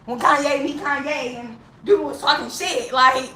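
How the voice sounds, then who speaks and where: A woman's voice: sits high, fairly even intonation, normal speed, pushed and bright, a little hiss or hum. A woman ranting with emotion to camera, heavily profane and impassioned, laughing bitterly and near tears, recorded with a roomy echo. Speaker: vlogger. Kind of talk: unscripted emotional rant to camera. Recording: roomy echo with faint ambience.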